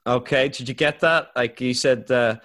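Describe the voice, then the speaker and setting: A man's voice: medium pitch, moderate pace. A man hosting a casual podcast, ranting with swearing and laughter. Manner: swearing, laughing, animated rants. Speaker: podcast host. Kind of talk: casual chat.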